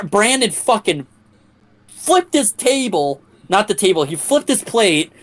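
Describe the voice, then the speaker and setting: A young man streaming a game, telling a long crude story in a casual, profane, rambling way with many restarts. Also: on the high side.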